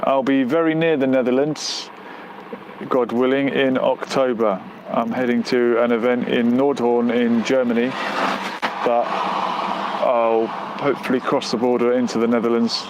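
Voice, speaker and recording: A man's voice: medium pitch, little pitch movement, unhurried, background noise. A man hosting a casual live stream outdoors near a road, reading out viewer comments and musing aloud with lots of fillers. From United Kingdom.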